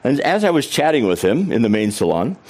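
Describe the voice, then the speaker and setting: A man's voice: medium pitch, very animated, brisk, a little mellow. A middle-aged man giving a humorous storytelling keynote talk on stage. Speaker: keynote speaker.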